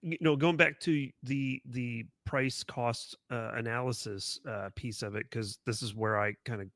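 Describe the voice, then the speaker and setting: A man's voice: mid-range voice, fairly even intonation, unhurried, fairly bright tone, dry recording. A man with a mid-range voice co-hosts a casual podcast. He lays out business ideas methodically, one step at a time. The sound is dry and close. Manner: methodical, explains pricing concepts step by step. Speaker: podcast co-host.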